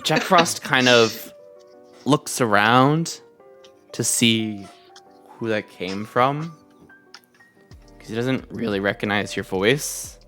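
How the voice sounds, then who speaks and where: A woman narrating a tabletop role-playing game as game master, chatty and relaxed with many fillers. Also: a bass voice, takes it slowly, long pauses, faint music behind.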